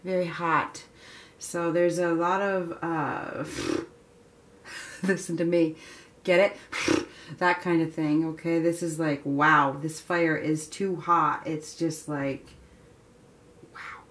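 A woman giving a casual tarot reading, chatty and excitable, laughing often and filling pauses with ums. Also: deep voice. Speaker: tarot reader.

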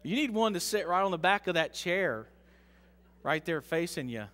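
A man preaching an interactive sermon in a church, joking with the congregation and rising to slow, loud emphasis. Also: high voice, expressive. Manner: jokes with the congregation, leads call-and-response reading. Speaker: pastor. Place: church sanctuary. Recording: long hall reverb.

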